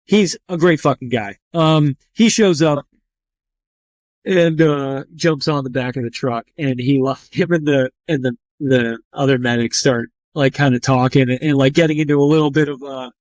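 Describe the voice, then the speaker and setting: A man's voice: mid-range voice, moderate pace, no room sound. A man, a trauma surgeon and podcast guest, telling his story in a blunt, profane and casual way with frequent restarts.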